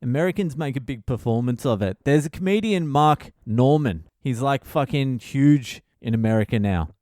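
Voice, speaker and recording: Crude Australian comic host, swears constantly, clear resonant voice, dry close sound. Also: male voice, mid-range voice, lively intonation, normal speed, warm tone, no room sound. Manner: laughs at his own jokes. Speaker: podcast host, comedian. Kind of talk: casual comedic monologue.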